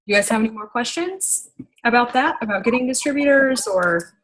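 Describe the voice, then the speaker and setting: A young adult woman leading a business team meeting in a casual, animated, rambling way, getting worked up and talking fast when excited. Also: a little high, slight background noise, rough recording. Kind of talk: casual motivational training talk.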